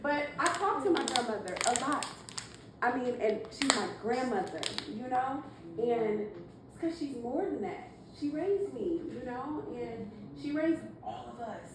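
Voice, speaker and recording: Woman, earnest and halting family tribute, distant mic, noisy hall. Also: on the high side, lively intonation. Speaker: granddaughter giving a tribute. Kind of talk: heartfelt family speech. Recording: echoey room, mic far off, noisy.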